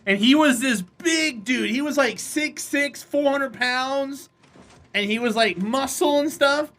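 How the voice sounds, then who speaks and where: A woman's voice: high voice, slow, a bit bright. A woman streaming a game live and chatting casually with viewers, blunt and opinionated as she answers them by name. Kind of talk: casual live-stream chat while gaming.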